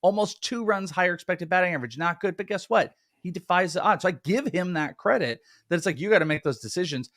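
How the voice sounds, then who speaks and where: A man's voice: high-pitched, lively intonation, fast, few pauses, a bit bright, dry recording. Man, fantasy baseball co-host, emphatic, repeats catchphrases, dry close sound. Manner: emphatic, repeats his punchlines. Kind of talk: casual live-stream chat.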